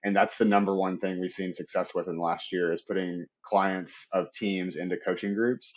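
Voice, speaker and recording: Deep-voiced chatty man, dull lo-fi audio. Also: fairly even intonation, normal speed. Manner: loose, chatty, leans on "like" and tag "right?". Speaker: podcast guest. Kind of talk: casual interview talk.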